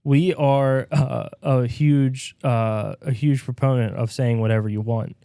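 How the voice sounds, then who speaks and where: Mellow-voiced man riffing crudely. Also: mid-range voice, fairly even intonation, measured pace, vocal fry, clear, resonant tone, no echo, clean studio sound. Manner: crude, rambling jokey banter. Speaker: podcast co-host. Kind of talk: casual comedic podcast chat. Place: bedroom.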